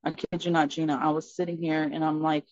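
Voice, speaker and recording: A woman guest on a podcast, telling a personal story in an earnest, expressive way. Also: sits low, fast talker, no echo. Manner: earnest and expressive, acting out dialogue in her story. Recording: slightly muffled, dry recording.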